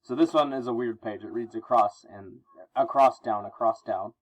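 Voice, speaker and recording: A male teacher reading through a comic book with his class and explaining it in a relaxed way. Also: medium pitch, normal speed, low-quality recording. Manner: explanatory, relaxed, many fillers.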